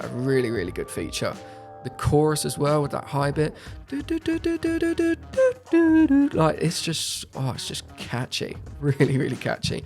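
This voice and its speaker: A young man talks through a music review in a loose, eager way, doubling up words when he likes something. His voice has a gravelly fry at a middle pitch. Faint music plays behind him. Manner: enthusiastic, repeats words for emphasis. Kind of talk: casual music review monologue.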